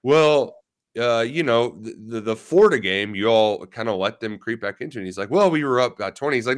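Rambling co-host. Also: male voice, mid-range voice, brisk. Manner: rambling, many fillers, animated when retelling exchanges. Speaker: sports reporter and co-host. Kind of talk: casual sports talk.

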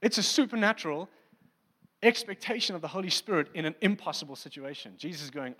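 A man preaching a sermon in a lively, conversational way, acting out the scenes he describes. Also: fairly high pitch, quick pace, breathy edge, in a large hall.

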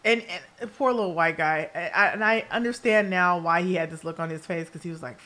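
A woman's voice: fairly low pitch, a little fast, hardly any pauses. A woman hosting her own podcast in a casual solo monologue. She is candid and profane, laughs often, and tells stories with lots of asides. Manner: animated storyteller with asides. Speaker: podcast host.

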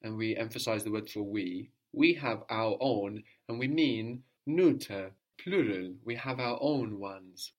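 A man teaching a one-on-one language lesson, patiently prompting his student and slowly repeating the answers. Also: lowish voice, a little mellow, highs cut off.

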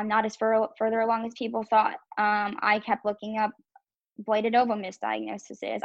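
A young woman shares her own story as a podcast guest, speaking candidly and dropping frequent "um"s and "like"s. Her voice has a gravelly, creaky edge and stays fairly level in pitch. The recording is dry and slightly dull. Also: dry recording. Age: young adult. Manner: candid, filler-heavy with frequent "um" and "like". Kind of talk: personal storytelling.

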